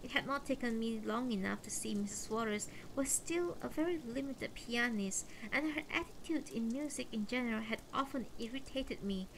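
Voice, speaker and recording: A woman reading a novel aloud on a livestream, in calm, measured first-person narration. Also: a little high, a little hiss or hum, rough recording. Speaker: audiobook reader on a livestream.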